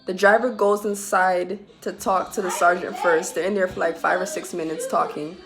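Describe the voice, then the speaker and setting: A woman's voice: fairly low pitch, steady tone, moderate pace, loud music behind the voice. A young woman telling a personal story time in a casual, heated way, swearing and laughing through it. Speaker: vlogger telling a military story. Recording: loud background noise hiss.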